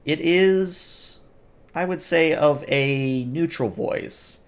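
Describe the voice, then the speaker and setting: A man narrating as game master of a tabletop role-playing game, with slow, deliberate descriptions. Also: a little high.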